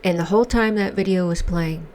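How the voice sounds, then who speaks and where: Woman, gravelly voice, lowish pitch, impassioned, indignant commentary host. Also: a little fast, a little mellow, slight background noise. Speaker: commentary vlogger. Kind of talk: emotional opinion monologue.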